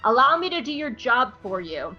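A woman's voice: on the high side, very animated, normal speed, sharp tone, full character voice. A cold, condescending male imperial admiral, as a woman puts him on, talking with open disdain and little effort. He dismisses others coolly. The sound is a bit dull, with faint music behind it. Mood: disdainful.

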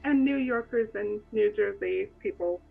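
A woman's voice: mid-range voice, a little slow, creaky, husky, phone-quality sound, faint music behind. A woman co-hosting a podcast in casual, enthusiastic chat, laughing easily. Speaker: podcast co-host.

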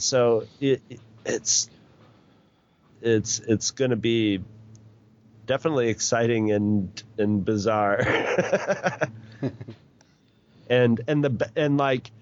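A middle-aged man in casual chat, rambling along with many restarts and chuckles. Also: lowish voice. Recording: dull lo-fi recording.

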